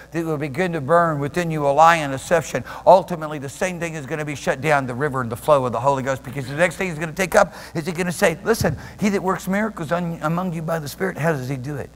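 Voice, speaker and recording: A man preaching a sermon as pastor, animated and laughing often, swinging from quiet murmurs to loud shouts. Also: fairly high pitch. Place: church sanctuary. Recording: long hall reverb.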